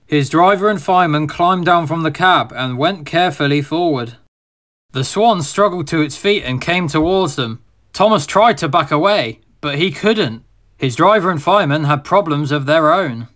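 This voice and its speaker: A man reading a children's storybook aloud as narrator, in a steady, expressive manner. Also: on the high side, normal speed.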